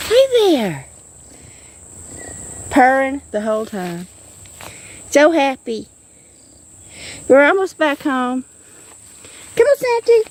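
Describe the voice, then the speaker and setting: A woman talks into a handheld phone outdoors in the woods. Her voice sits high and bounces up and down in pitch as she coos at her kitten and gushes over what she finds. Insects and crickets chirp faintly behind her. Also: sing-song, takes it slowly, long pauses. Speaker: vlogger. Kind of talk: casual nature vlog.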